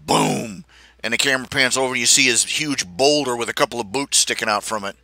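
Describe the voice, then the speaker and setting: A man's voice: mid-range voice, a little fast, no echo. A man hosting a livestream, telling rambling casual stories full of restarts and asides. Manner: chatty, self-interrupting, animated anecdotes with restarts. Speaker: livestream host.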